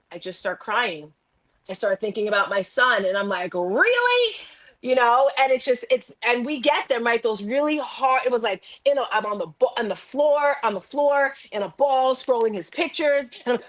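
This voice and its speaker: A woman life coach and author telling a personal story in an interview, animated and acting out her own self-talk. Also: a little high.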